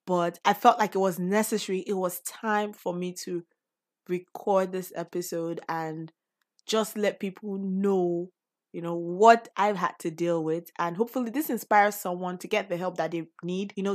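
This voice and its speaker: A woman with a Nigerian accent hosting a personal podcast, speaking earnestly and encouragingly with sudden emphatic bursts. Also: on the low side. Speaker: podcast host.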